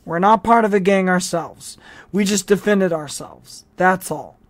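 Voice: mid-range voice, a little slow, no echo, lightly acted. A reader voicing a weary, pleading sick boy. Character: exhausted sick teenage boy, cautious.

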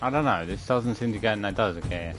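A man's voice: on the low side, fast talker, over music. A young man chatting casually while playing a game, rambling and playful. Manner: rambling, playful, hums and does silly sound bits. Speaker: gaming streamer. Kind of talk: casual gameplay commentary.

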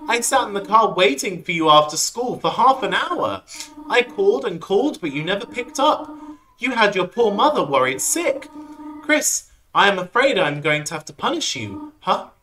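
A streamer voicing a gentle, worried monster mother from a video game, fussing and scolding in a raised, lively voice. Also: moderate pace, slight background noise, rough recording. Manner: fussing, scolding softly, higher voice. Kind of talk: reading game dialogue aloud in voices.

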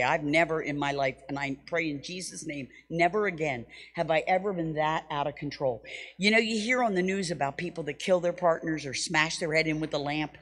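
A middle-aged woman preaching at a Bible school, spinning a personal story with animated, self-mocking energy. Her voice sits a little low, and a long reverb trails each phrase as it rings through a church hall. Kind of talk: storytelling sermon.

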